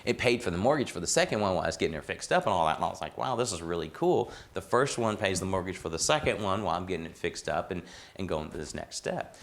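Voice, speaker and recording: A man hosting a podcast, telling a story in a casual, rambling and animated way, laughing as he goes. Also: low-pitched, very fast. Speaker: podcast host and real estate coach.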